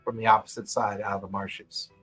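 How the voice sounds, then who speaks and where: A man narrating as game master in a tabletop game, describing scenes at an unhurried pace and chuckling often. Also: lowish voice, flat delivery, a bit bright, husky, soft background music, low-quality recording.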